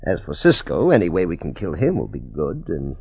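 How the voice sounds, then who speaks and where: An actor playing a scheming villain who fakes a French accent, smooth and menacing, in 1940s radio acting. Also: male voice, deep voice, wildly swooping pitch, fairly quick, heavily acted. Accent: fake French. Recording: dull lo-fi old radio recording.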